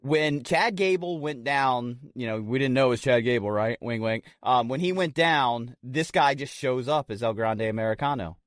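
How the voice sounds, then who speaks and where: A man co-hosting a casual podcast, telling a story with lots of swearing and animated retelling. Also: medium pitch, normal speed, hardly any pauses, no echo, clean studio sound. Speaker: podcast co-host. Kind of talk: casual chat.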